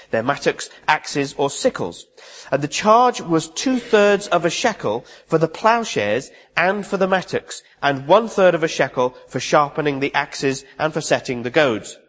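A man's voice: fairly high pitch, very animated, moderate pace, long reverb tail. A man preaching a sermon, reading scripture aloud and then explaining it in a conversational way, with restarts and asides.

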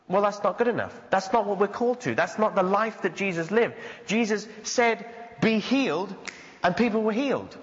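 A man's voice: high voice, animated, brisk, fairly bright tone. A man preaching a sermon as pastor, earnest and conversational, acting out the voices he quotes. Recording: dull sound with long hall reverb.

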